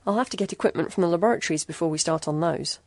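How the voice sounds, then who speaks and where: A woman's voice: fairly low pitch, very fast, a little mellow, dry recording. A woman playing a tense young radio man. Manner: clipped, tense.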